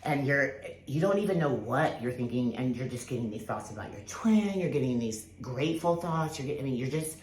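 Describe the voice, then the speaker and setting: A woman's voice: very deep voice, animated, fairly quick, darkish tone. A woman telling a personal spiritual story in casual, rambling talk, full of fillers and restarts, with the odd swear word. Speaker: spiritual vlogger. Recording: echoey room with faint background hiss.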